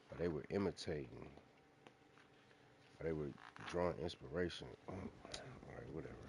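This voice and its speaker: A man's voice: a bass voice, noisy background. A man talking casually on his own channel, rambling with restarts and self-corrections as he goes. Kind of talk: casual solo commentary.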